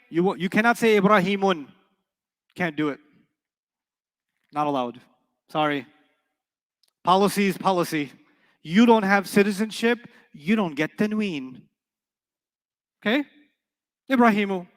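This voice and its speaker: Joking high-voiced man teaching. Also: a bit bright, long reverb tail. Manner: playful, joking, quizzes the class. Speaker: Arabic teacher. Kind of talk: classroom lecture.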